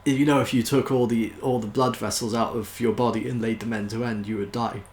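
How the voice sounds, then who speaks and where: A man's voice: medium pitch, steady tone, fairly quick, darkish tone, echoey room, slight background noise. A British man from the UK casually reading jokes aloud in an amused, self-mocking way. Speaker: YouTuber.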